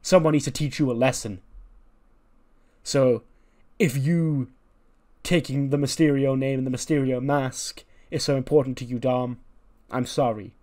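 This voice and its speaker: Stern veteran wrestler dad, earnest and forceful, lines lifted in pitch , as a man puts him on. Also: fairly even intonation, measured pace, lightly acted. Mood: angry, then remorseful. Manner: earnest, pleading then challenging. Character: weary veteran male wrestler, stern father.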